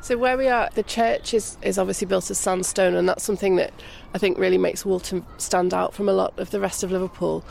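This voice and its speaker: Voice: mid-range voice, fairly even intonation, a little fast, vocal fry, few pauses, darkish tone, slight background noise. An interviewer asking curious, prompting questions in a conversational interview outdoors by a road.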